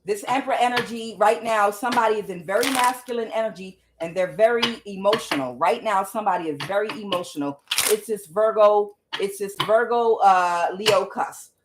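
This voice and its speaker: A woman's voice: mid-range voice, normal speed, hardly any pauses, background noise. A woman doing a casual tarot reading, speaking bluntly with swearing and calling on the Holy Spirit as she goes. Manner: talks aloud to the Holy Spirit, blunt and profane. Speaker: tarot reader.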